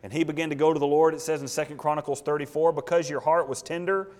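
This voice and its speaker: A pastor preaching to his congregation, moving from folksy anecdotes to emphatic, drawn-out scripture readings. His voice sits a bit high for a man. The sound carries a long reverb from the church hall. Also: steady tone, a little mellow. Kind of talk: sermon.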